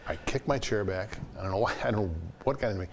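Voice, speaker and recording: Older man, deep low voice, fast talker, animated storyteller, noisy background. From Ohio. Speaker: guest, veteran TV news reporter. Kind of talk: anecdotal interview storytelling.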